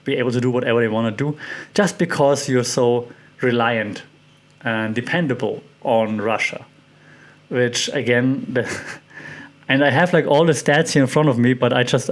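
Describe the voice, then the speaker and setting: A man hosting a solo podcast, thinking aloud with many fillers and restarts and putting questions to his listeners. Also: mid-range voice. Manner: curious, puts questions to listeners. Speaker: podcast host. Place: lives in Thailand.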